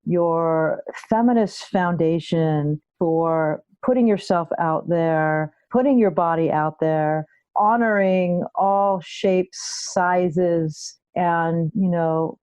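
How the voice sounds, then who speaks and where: A middle-aged woman hosting a podcast episode as a health coach, speaking in an unhurried, deliberate way. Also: on the low side, dark tone, no echo, lo-fi sound. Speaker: guest host, health psychology coach. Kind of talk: podcast monologue.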